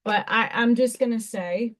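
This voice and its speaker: A woman hosting a craft livestream, chatting casually and excitedly while she works and talks to herself. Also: a little high, normal speed. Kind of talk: casual live-stream chat while crafting.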